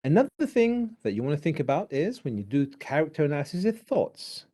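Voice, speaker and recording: A man's voice: fairly high pitch, brisk. A man with a Malaysian accent giving a drama lecture, switching between English and Malay and acting out examples as he teaches. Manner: animated, mixes English with Malay; acts out examples while teaching.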